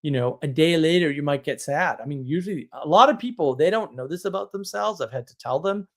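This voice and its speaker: A man's voice: on the high side, animated, fairly quick. A man hosting a live stream, talking in a casual monologue that rambles with restarts and chuckles, blunt and wry.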